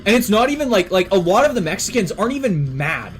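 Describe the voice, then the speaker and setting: Rambling young Canadian man, slightly high. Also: sing-song, fast talker, slight background noise. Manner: rambling, filler-heavy and profane. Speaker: streamer. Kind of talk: casual chat.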